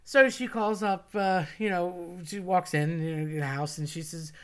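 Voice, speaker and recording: A woman casually telling a funny personal story, chatty and animated, quoting friends and family in dialogue. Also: on the low side, measured pace. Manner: chatty and animated, quotes others in dialogue, laughs at herself.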